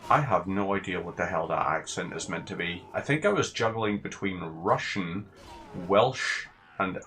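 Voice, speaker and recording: A man's voice: low-pitched, moderate pace, pushed and bright, a little hiss or hum. A man giving casual, sarcastic gameplay commentary with rambling asides.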